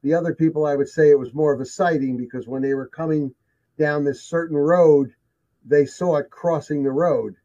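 His mellow voice is on the high side, with fairly even intonation and a moderate pace. As a guest describing sightings, he talks casually but emphatically, repeating himself, and the sound quality is dull lo-fi.

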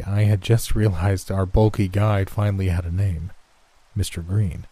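A male narrator reading a first-person horror story in a measured, even way. His voice sits low, with a mellow, soft-edged tone.

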